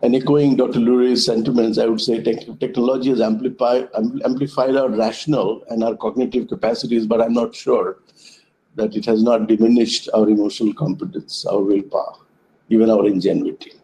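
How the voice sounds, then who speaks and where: A man's voice: medium pitch, level tone, brisk, mellow, rough recording. A man giving a reflective conference talk by video call, a thoughtful storyteller who speaks in metaphors. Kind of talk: reflective talk told through parables. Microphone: web conference call.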